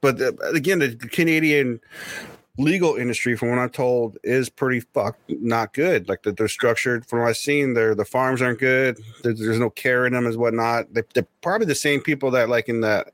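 A man's voice: mid-range voice, moderate pace, a bit bright, no room sound. A man co-hosting a casual podcast, laid-back and blunt, swearing freely. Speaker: podcast co-host.

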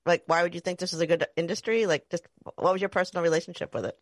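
Brisk fast-talking woman host. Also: lowish voice, steady tone. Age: middle-aged. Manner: brisk, jokey, steers the talk. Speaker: podcast host. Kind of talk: conversational interview.

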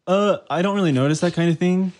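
A man's voice: high voice, fast, darkish tone. A man chatting casually as a podcast guest, joking and playful. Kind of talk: casual chat.

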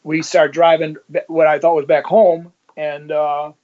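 A man's voice: fairly high pitch, level tone, a little slow. A man telling his story as a guest in casual, blunt talk, swearing freely and acting out the dialogue he quotes. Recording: dull lo-fi audio.

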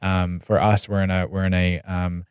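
A man with a fairly low American voice hosts a casual podcast chat. He rambles, restarts his sentences and leans on fillers. The sound is dry and close. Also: level tone, normal speed, smooth, no echo. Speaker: podcast host.

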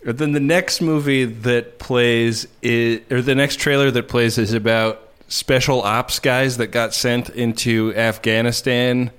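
A man's voice: mid-range voice, steady tone, measured pace, hardly any pauses, a bit bright, smooth. A man co-hosting a podcast, telling a story in casual chat with lots of fillers and laughter. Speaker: podcast co-host.

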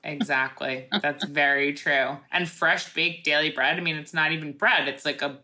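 A woman with a slightly low but bright, forceful voice chats on a podcast. She swears freely and talks sarcastically in loose, filler-heavy sentences. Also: fairly even intonation, normal speed. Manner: profane, sarcastic, rambling with many fillers. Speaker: podcast co-host. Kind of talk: casual podcast chat.

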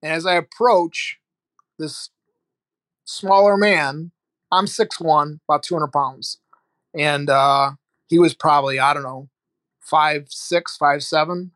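A man's voice: fairly high pitch, slow pace, pauses often, dry recording. A middle-aged man from Ohio, a guest telling his story frankly and vividly, with some swearing. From Ohio, United States. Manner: candid, animated storyteller, swears freely. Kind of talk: casual storytelling interview.

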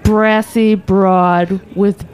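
A woman co-hosting a casual podcast chat, tossing in quick wisecracks. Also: medium pitch, level tone, a little mellow, clean tone. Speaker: podcast co-host.

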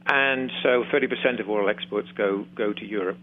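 A man's voice: on the low side, brisk. English man on a tinny phone line. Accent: English, West Midlands (Shropshire). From England. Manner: hesitant, many ums and restarts, jokey. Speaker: guest, former sheep farmer. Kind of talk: casual radio interview. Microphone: remote phone line.

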